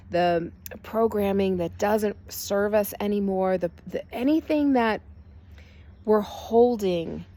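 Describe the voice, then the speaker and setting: A woman's voice: medium pitch, darkish tone. An older woman, a spiritual healer, giving a casual and earnest energy update in short, reassuring phrases.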